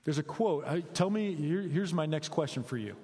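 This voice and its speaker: A middle-aged man preaching a conversational sermon, energetic and quizzing his listeners with questions. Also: a little high, normal speed. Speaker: preacher, high school basketball coach. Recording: long hall reverb.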